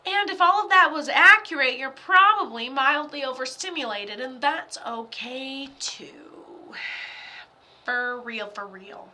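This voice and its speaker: A bright, forceful young woman talks her way through a live psychic reading. Her voice sits a little high, and she rambles loosely with fillers and offhand jokes. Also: slow pace. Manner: chatty, lots of fillers, loose and joking. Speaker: psychic medium.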